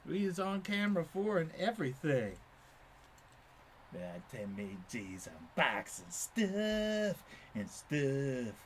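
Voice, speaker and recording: A man's voice: on the high side, very animated, slow pace, a little hiss or hum. A man chatting playfully with his cat while filming, teasing it and laughing often. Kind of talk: casual talk to a pet.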